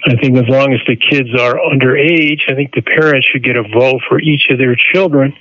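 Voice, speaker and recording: A man's voice: medium pitch, fairly even intonation, brisk, highs cut off, slight background noise. A man calling in to a radio show, giving his opinion hesitantly with fillers. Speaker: caller. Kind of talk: phone-in opinion.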